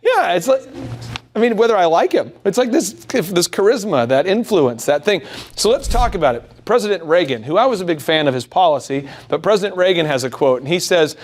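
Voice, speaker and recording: A man hosting a business workshop, giving an animated motivational sales lecture to a live audience, peppered with rhetorical questions and self-deprecating jokes. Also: sits high, fairly quick.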